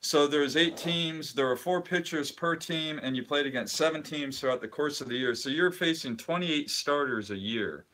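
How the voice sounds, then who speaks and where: A man's voice: fairly high pitch, moderate pace, hardly any pauses, pushed and bright. A middle-aged man talks casually on a live stream, wandering from thought to thought. He restarts often and lets his sentences fade out before he finishes them. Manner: rambling, chatty, trails off mid-sentence. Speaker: co-host of a live card-collecting stream.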